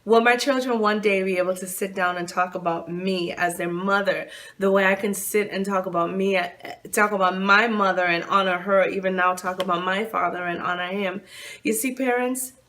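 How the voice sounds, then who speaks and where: A woman's voice: mid-range voice, fairly even intonation, normal speed, fairly bright tone. A woman hosting her own channel, talking earnestly about her father, stressing words by repeating them, seated on a couch. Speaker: channel host. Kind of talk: heartfelt personal vlog talk. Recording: distant room sound.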